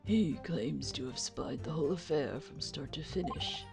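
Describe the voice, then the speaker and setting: An earnest young male lawyer weighing the case in quiet, serious thought, as a woman plays him. His voice is gravelly and hushed, over noticeable game music. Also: sits low, moderate pace, pitched below the performer's own voice.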